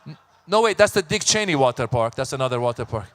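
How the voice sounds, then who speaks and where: A man from Iran in his thirties doing stand-up comedy, telling animated stories and acting out voices. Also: mid-range voice, fast talker. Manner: animated storytelling, acts out voices.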